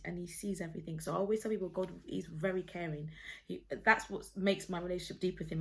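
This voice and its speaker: A woman telling a personal faith story to her phone camera at home, earnest and rambling, with many restarts. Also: lowish voice. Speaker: vlogger sharing a personal testimony.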